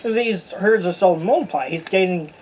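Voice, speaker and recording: Speaking fairly fast in a husky, darkish mid-range voice, a Bible study teacher leads a relaxed, chatty lesson and stumbles on hard names. It's a low-quality recording.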